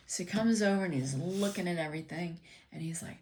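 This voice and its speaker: A woman's voice: sits low, brisk, few pauses, darkish tone, slight background noise. A woman telling a personal story in a casual, meandering way, with many ums, acting out her father's lines.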